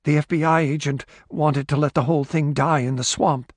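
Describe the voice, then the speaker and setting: A man's voice: a little high, steady tone, normal speed, dry recording, studio quality, lightly acted. A man voicing a frightened woman who pleads desperately and sobs, in an audiobook. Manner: desperate, sobbing pleas. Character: terrified pleading woman, a nurse's wife.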